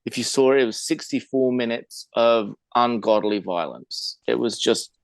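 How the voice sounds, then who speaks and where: A man's voice: medium pitch, moderate pace, dry recording. A man from England with an English accent, co-hosting a podcast and explaining things at length in casual chat. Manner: chatty, explains at length with fillers and restarts. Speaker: podcast co-host.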